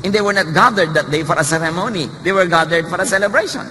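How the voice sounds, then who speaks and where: Filipino male preacher, fairly high and bright, animated storytelling sermon, big hall reverb, faint hiss. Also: fast. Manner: switches between English and Tagalog, acts out quoted voices. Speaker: pastor.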